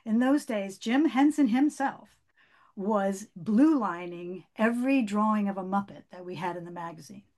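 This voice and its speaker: An older woman speaks as a guest, telling her story in a relaxed, stop-start manner. She circles back, restarts sentences and fills pauses. Her voice sits at an ordinary middle pitch for a woman. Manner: halting, with many restarts and fillers. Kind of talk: conversational storytelling.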